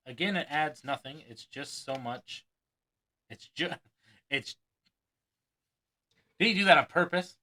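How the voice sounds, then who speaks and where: Male magician, bright tone, reading a book aloud with chatty asides and chuckles. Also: fairly high pitch, lively intonation, unhurried, long pauses, rough recording. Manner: chuckles often, breaks off to add his own asides; acts out quoted lines with mock enthusiasm.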